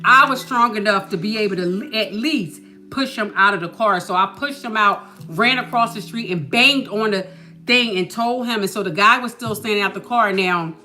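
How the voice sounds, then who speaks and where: A woman hosting a podcast, telling a story in a casual, animated way and asking "you know what I mean" often. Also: medium pitch, normal speed, faint music behind. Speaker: podcast host.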